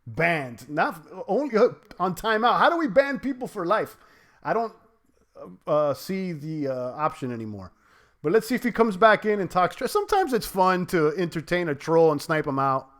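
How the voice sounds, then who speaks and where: A man hosts a casual livestream in a slightly high voice and reads out viewer comments as they come in. His talk wanders, full of fillers and restarts. He turns to playful trash talk when trolls show up. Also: sing-song, normal speed, a bit bright. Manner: loose and rambling, many fillers and restarts. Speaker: crypto livestream host.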